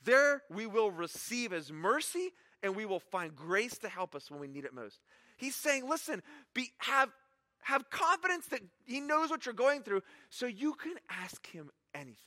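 A man in his forties delivers a casual, story-driven sermon as the pastor, swinging between quiet asides and animated bursts of humor. His voice sits high and sounds sharp and bright. It rings out with the long reverb of a church hall. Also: normal speed.

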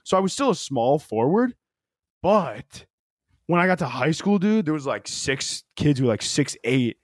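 A young man co-hosting a casual podcast, telling animated, joking stories and swearing freely. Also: a little high, normal speed, no echo, clean studio sound. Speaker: podcast co-host. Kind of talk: casual chat.

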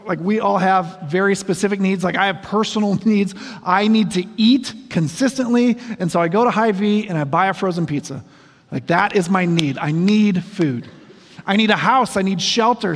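A man in his forties preaching a sermon, speaking in a conversational, self-deprecating way with humorous asides. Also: high-pitched. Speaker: pastor. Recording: long reverb of a large hall.

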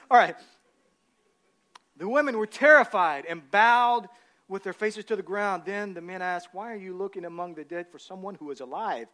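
A high-voiced male pastor preaches a sermon. He mixes humorous stories with energetic calls to the congregation and builds to shouted emphasis. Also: moderate pace.

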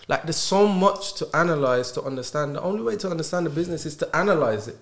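A man, a podcast guest talking in animated casual conversation and stacking rhetorical questions. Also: fairly high pitch, fast talker. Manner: emphatic, rhetorical questions, acts out dialogues.

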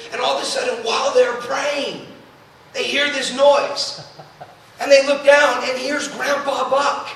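A man preaching a storytelling sermon as a traveling youth preacher, animated and acting out the voices he quotes. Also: extremely high pitch, gravelly, slight background noise. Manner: animated, acts out quoted voices, quick asides. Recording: echoey hall, mic at a distance.

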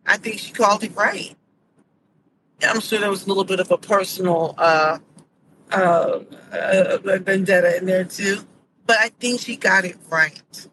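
A woman's voice: mid-range voice, measured pace. Middle-aged woman host, emphatic opinion monologue, audible hiss underneath the voice. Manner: indignant, emphatic storytelling. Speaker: podcast host. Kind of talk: casual commentary monologue. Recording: noticeable background noise.

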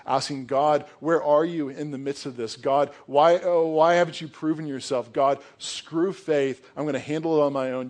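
A man's voice: mid-range voice, a little mellow. A young adult man preaching a sermon as pastor, earnest and conversational, with casual asides.

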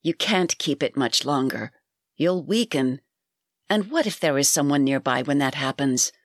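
A harsh, crafty old crone, voiced by a reader, hissing one moment and wheedling the next. She speaks at a middling pitch, as in a storybook read aloud. The sound is close and dry, with no room around it. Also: expressive, moderate pace, no room sound, close to an everyday voice. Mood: coaxing. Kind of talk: storybook reading.

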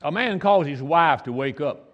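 A man's voice: fairly high pitch, animated, normal speed, highs cut off. A male Pentecostal pastor preaching a folksy, story-filled sermon, often repeating himself for emphasis. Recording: echoey church hall.

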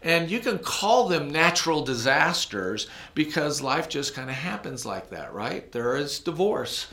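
A man's voice: fairly high pitch, very animated, measured pace, bright, forceful tone, reverberant. A man pastor preaching a conversational sermon, telling a personal story with restarts and asides.

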